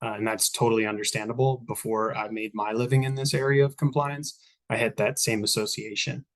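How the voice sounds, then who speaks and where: A man's voice: lowish voice, fairly even intonation, a little fast, fairly bright tone. A man giving a compliance presentation to campus staff, reading steadily with frequent filler words. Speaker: export controls compliance officer. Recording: recorded online meeting.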